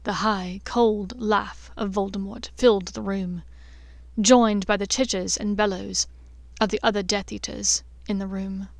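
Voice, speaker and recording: A woman narrating a fan-fiction audiobook in a measured, expressive reading. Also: mid-range voice, vocal fry, no echo.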